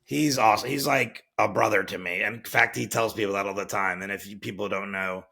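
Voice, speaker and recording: A man's voice: fairly low pitch, a little fast, gravelly, bright, forceful tone, breathy edge. A man hosting a podcast, chatting casually in a jokey, easygoing way. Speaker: podcast host. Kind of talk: casual chat.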